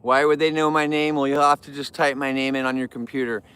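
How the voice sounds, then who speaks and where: A man's voice: mid-range voice, level tone, fast talker, fairly bright tone, clean tone. A middle-aged man chatting casually on an outdoor live stream, repeating himself for emphasis. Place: outdoors near a barn.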